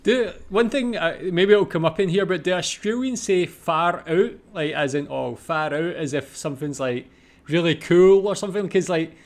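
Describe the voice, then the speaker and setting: A man's voice: fairly high pitch, moderate pace. A Scottish man hosting a reaction video, chatting casually and asking curious questions aloud. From Scotland.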